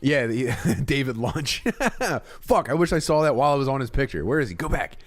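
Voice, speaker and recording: Casual streamer, young man, lively swooping delivery, soft music under. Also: medium pitch, moderate pace. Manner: rambling, swearing, laughs a lot.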